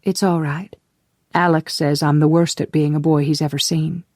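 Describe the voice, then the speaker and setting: A narrator voicing a spirited young woman, disguised as a boy, who talks in a quick, teasing and emphatic way. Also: medium pitch, little pitch movement, darkish tone, no room sound, studio quality, close to an everyday voice. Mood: earnest.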